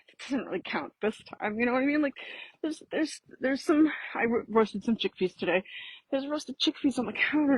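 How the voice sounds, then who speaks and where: A woman's voice: sits high, fairly bright tone, husky, dry recording, rough recording. A woman talking casually while walking up a hill outdoors, out of breath, rambling and laughing often as she thinks aloud. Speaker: vlogger. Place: outdoors on a street.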